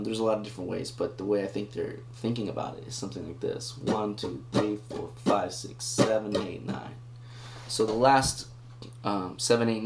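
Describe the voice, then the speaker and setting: A man giving a casual guitar lesson, explaining rhythm and counting beats aloud as he thinks it through. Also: on the low side. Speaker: guitar teacher. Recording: roomy sound with loud guitar playing. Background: his own guitar playing.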